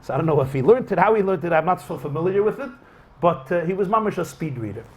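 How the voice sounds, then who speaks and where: A man's voice: high-pitched, fast. A man teaching a class as a rabbi, telling a story as a lecture and acting out the dialogue. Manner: animated, acts out quoted dialogue. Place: lecture hall with a live audience.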